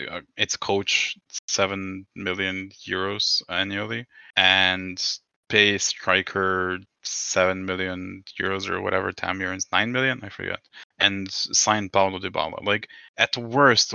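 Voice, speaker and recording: A man's voice: low-pitched, creaky, pushed and bright, no room sound, highs cut off. A man co-hosting a podcast in casual chat, rambling and swearing, laughing often. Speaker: podcast co-host.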